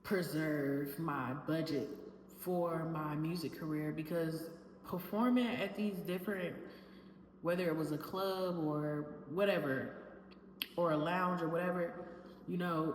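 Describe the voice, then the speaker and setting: A woman's voice: lowish voice, steady tone, measured pace, slight background noise, poor audio. A woman vlogger telling her own story in a raw, emotional and profane way, while making juice at home. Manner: raw, emotional, profane retelling, acts out quotes. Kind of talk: candid personal storytelling.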